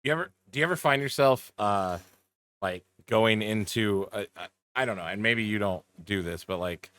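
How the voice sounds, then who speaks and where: A man hosting a casual podcast, asking loose, rambling questions in a relaxed way. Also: fairly low pitch, moderate pace, no room sound. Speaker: podcast host.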